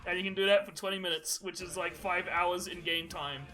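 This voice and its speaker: Podcast co-host, man, high voice, rambling and profane, music bed behind. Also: flat delivery, a little fast, pushed and bright, low-quality recording. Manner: rambling, swears often, laughs while telling stories. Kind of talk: casual chat.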